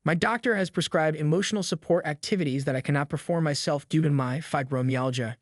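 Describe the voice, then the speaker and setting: A man's voice: fairly high pitch, brisk, no echo, studio quality, lightly acted. A man voicing a pushy, entitled woman neighbor who talks in a theatrical, demanding way in a storybook reading. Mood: indignant.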